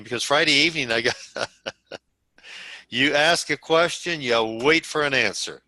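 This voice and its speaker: Brief: male sales trainer, bright forceful tone, dry close sound, deliberate pacing, acts out example calls. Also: medium pitch, no room sound, low-quality recording. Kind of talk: coaching talk to a group.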